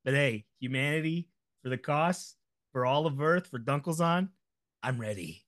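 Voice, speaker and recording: A man's voice: medium pitch, lively intonation, moderate pace, a bit bright. A man co-hosting a podcast, bantering in a playful, jokey way. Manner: playful, jokey, mock-conspiratorial. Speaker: podcast co-host. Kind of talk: casual banter.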